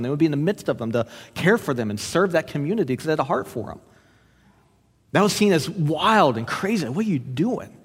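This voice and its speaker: A man preaching a sermon as pastor, telling a story earnestly and often stumbling over and repeating his words. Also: a little high. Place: church sanctuary. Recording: long church hall reverb.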